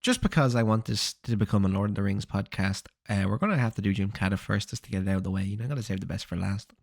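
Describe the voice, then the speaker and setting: A man's voice: on the low side, very fast, vocal fry, no echo, clean studio sound. A young man hosting a casual film podcast with friends, laughing and swearing as he banters. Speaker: podcast host. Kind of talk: casual chat among friends.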